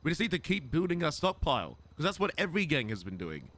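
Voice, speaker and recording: A man's voice: fairly high pitch, wildly swooping pitch, quick pace, fairly bright tone. A man speaking in character in a gang roleplay, exasperated and defensive, swearing and stammering when worked up.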